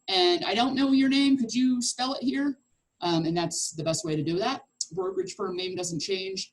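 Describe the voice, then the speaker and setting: A woman's voice: lowish voice, low-quality recording. A woman teaching a real estate sales class in a chatty way, acting out conversations with clients.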